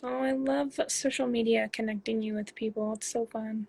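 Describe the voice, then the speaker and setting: A woman's voice: fairly high pitch, fairly even intonation, moderate pace, vocal fry, darkish tone. A woman in her twenties from Canada, a pro soccer player reading fan questions aloud and answering them in a casual, chatty livestream on her phone.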